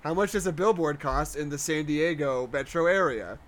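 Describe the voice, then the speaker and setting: A young man co-hosting a casual movie commentary podcast, rambling and wry, thinking out loud as he searches online. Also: a little high, moderate pace. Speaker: podcast co-host.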